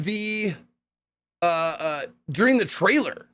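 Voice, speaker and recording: A young man tells stories from a recent hosting gig in a loose, rambling way, swearing freely and bursting into excited voices when he quotes people. His pitch sits a little high and swings widely as he talks. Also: moderate pace. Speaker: streamer recapping a hosting gig. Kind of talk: casual storytelling recap.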